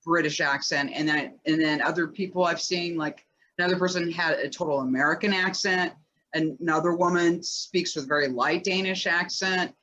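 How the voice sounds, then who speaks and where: A woman's voice: lowish voice, steady tone, moderate pace, sharp tone, dull audio. A woman co-hosting a casual chat and reading listener questions, talking chattily with many "like" fillers.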